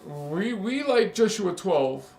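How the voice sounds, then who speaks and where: A man's voice: high-pitched, very animated, slow, darkish tone, roomy sound, slight background noise. A man hosting a casual spiritual livestream, teasing and emphatic, laughing often as he talks to viewers.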